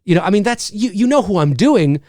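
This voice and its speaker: A man's voice: high voice, lively intonation, fairly quick, darkish tone, dry recording, studio quality. A man hosting his own show as a voice actor, talking in a rambling, candid way and often restarting his sentences. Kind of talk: casual livestream talk.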